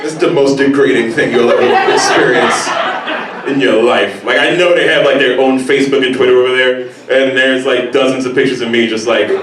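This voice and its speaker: A man doing a stand-up set in a comedy club, talking casually and acting out people in sudden high squeals. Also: fairly even intonation, fairly quick, heavy background noise. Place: comedy club stage before a laughing crowd. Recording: roomy live club sound from a distance.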